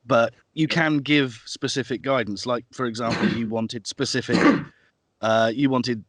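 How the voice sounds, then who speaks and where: A man's voice: mid-range voice, measured pace, fairly bright tone, no room sound. Male narrator, chatty and thoughtful, dry recording. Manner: thoughtful, explains at length. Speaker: guest, audiobook narrator and producer. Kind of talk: casual interview chat.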